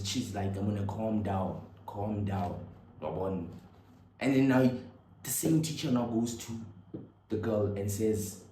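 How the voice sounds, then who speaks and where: A young man, telling a personal story in an animated, slangy way that swings between loud and hushed. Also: mid-range voice, slight background noise. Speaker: vlogger. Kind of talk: storytelling monologue. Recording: echoey room with faint ambience.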